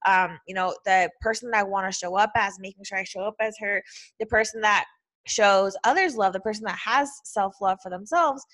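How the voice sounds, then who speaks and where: A woman's voice: mid-range voice, fairly quick, a bit bright. A woman hosting a podcast, telling a personal story in a heartfelt, emotional way and saying "like" constantly. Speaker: podcast host.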